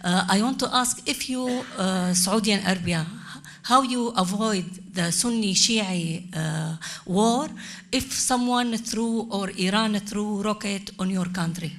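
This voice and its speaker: A woman's voice: mid-range voice, a bit bright. Hesitant woman journalist asking a question. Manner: hesitant, halting. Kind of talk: audience question.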